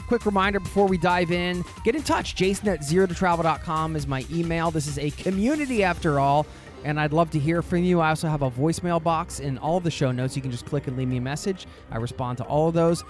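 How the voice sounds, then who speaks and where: A man hosting a travel podcast, talking in an energetic, jokey way with plenty of casual fillers and restarts. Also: fairly high pitch. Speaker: podcast host. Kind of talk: upbeat podcast intro and chat.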